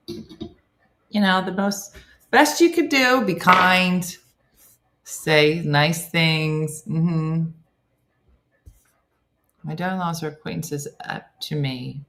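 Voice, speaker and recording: A woman's voice: low voice, fairly bright tone. A middle-aged woman hosting a casual morning show, reading viewer comments and reacting with chatty asides. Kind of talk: casual chat.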